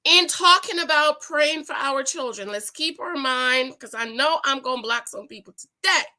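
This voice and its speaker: A woman's voice: animated, normal speed, pushed and bright. A middle-aged woman chatting casually with viewers, reading a news item aloud and telling a personal story, acting out the voices in it. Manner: chatty storyteller, acts out exchanges with rising pitch. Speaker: commentary vlogger.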